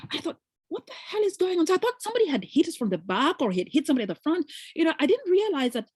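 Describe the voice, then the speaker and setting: A woman, a relationship coach, telling a personal story to camera in a lively way and acting out the voices of others. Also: on the high side, dry recording. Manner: animated storyteller, acts out quoted voices.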